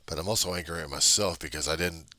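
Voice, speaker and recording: A man's voice: low-pitched, quick pace, sharp tone, no room sound. A man talking through a raw, agitated video diary, repeating himself and swearing often. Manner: raw, agitated, profanity-laced, repetitive. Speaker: video diarist. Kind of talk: personal video diary monologue. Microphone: computer webcam.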